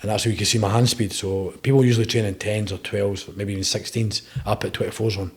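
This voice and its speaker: A young man with a Scottish accent speaks rapidly in a relaxed podcast chat. His voice sits on the low side as he rattles through long, rambling stories and keeps checking in with a quick "eh?". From Scotland. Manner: rapid, rambling storytelling with frequent "eh?" tags. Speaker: podcast guest, bare knuckle boxer. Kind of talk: casual interview chat.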